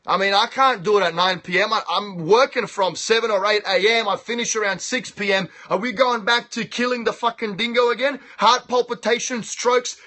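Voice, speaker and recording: An Australian man talking on a phone live stream in a loud, boastful, profane, hyped-up way. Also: very high voice.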